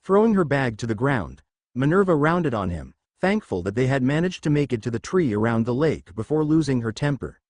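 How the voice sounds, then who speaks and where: Animated man reading a story. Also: mid-range voice, fairly quick, no room sound, clean studio sound. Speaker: narrator. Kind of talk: scripted fan fiction narration.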